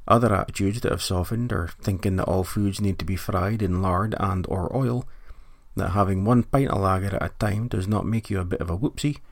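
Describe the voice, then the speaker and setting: A man's voice: deep voice, fairly quick, gravelly, no echo. A Scottish man hosting a podcast, delivering a mock-serious comic monologue with dry joking asides. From Scotland. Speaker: podcast host.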